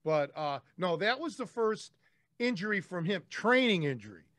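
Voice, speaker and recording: A man's voice: sits high, big pitch swings, normal speed, a bit bright, no echo, studio quality. A man hosting a podcast, telling stories casually in a blunt way and swearing freely. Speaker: podcast host.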